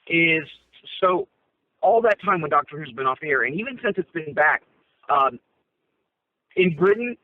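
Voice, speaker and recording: A man's voice: on the high side, animated, normal speed, pauses often. A man co-hosting a casual chat from a parked car, talking through his phone and rambling with many fillers and restarts. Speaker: co-host. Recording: tinny phone line.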